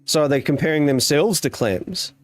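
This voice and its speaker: A man's voice: a little high, normal speed, slight background noise. A man in his thirties giving playful, jokey live commentary while streaming a game. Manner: playful, jokey, slips into silly voices and exclamations. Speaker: gaming streamer.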